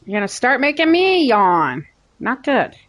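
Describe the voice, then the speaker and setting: Slow-talking playful woman streamer. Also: fairly high pitch, big pitch swings, fairly bright tone. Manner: playful, teasing, drawn-out. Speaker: game streamer. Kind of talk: casual chat while gaming.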